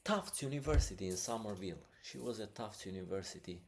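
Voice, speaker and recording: A man hosting a podcast, giving impassioned opinionated news commentary, halting often with restarts and fillers. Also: lowish voice, expressive, gravelly. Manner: impassioned and agitated. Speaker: podcast host.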